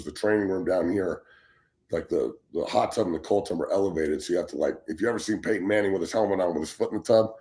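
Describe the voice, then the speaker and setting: A former pro football player of about forty, co-hosting a talk show, telling a story in a blunt, profane, emphatic way. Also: male voice, deep voice, darkish tone. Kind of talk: heated casual talk show rant.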